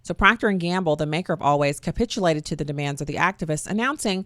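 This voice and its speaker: A woman's voice: on the low side, animated, quick pace, few pauses, a bit bright, no room sound, clean studio sound. A middle-aged woman hosting a talk radio show, chatty and sarcastic with folksy asides. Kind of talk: opinionated talk radio monologue.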